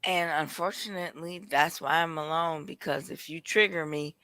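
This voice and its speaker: A woman's voice: sits low, fairly even intonation, normal speed, pushed and bright. A woman telling blunt, heated stories in a casual podcast chat.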